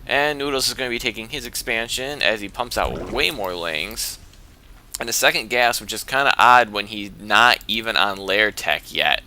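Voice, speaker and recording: An excitable man casting a strategy game he is playing in, with chatty running play-by-play. His voice is bright and forward. He gets worked up quickly as the action heats up. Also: medium pitch, slight background noise. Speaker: game caster and player.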